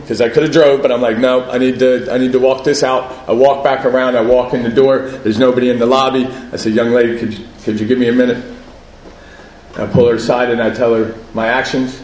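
A man's voice: mid-range voice, echoey room, poor audio. A man giving a personal share at a recovery meeting, conversational, often asking "right?" and laughing at himself.

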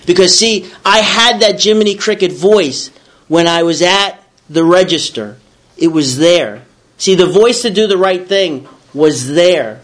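A man telling a personal recovery story, animated, acting out his own outbursts. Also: high voice, a little slow. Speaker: recovery speaker.

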